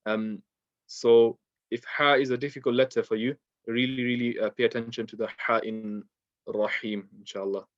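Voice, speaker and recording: Male teacher, mid-pitched, patient and unhurried, dry close room, slightly muffled. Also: steady tone, dry recording. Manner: patient, explains step by step with many fillers. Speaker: Quran tajweed teacher. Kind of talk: online lesson.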